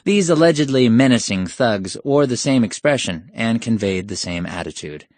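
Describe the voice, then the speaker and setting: A man's voice: mid-range voice, animated, normal speed, a little mellow, no echo. A man reading an urban fantasy short story aloud in a wry, sardonic storytelling style. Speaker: audiobook narrator. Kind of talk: scripted narration.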